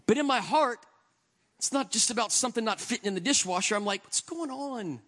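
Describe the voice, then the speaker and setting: Earnest conversational male preacher, higher voice. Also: fast talker. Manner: conversational and earnest, with swings between soft and emphatic. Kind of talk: sermon.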